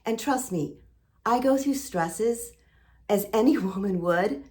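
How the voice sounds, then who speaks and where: A woman's voice: medium pitch, a little mellow. A middle-aged woman vlogging a heartfelt motivational monologue, earnest and emotional, repeating phrases for emphasis. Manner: earnest, emotional, full of sailing metaphors. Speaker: lifestyle vlogger.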